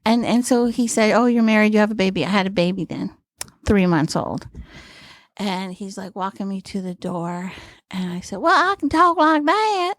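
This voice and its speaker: A woman in her sixties, a comedian, telling lively stories as a podcast guest. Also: mid-range voice, moderate pace, dry recording, studio quality. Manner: lively anecdotal storytelling, acting out quoted voices. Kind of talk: storytelling in a podcast interview.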